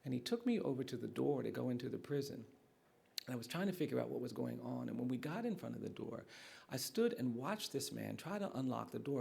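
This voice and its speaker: A man's voice: medium pitch, gravelly, a little mellow. A middle-aged man giving a public lecture, an earnest storyteller who acts out the dialogue he quotes. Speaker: guest speaker. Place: lecture hall.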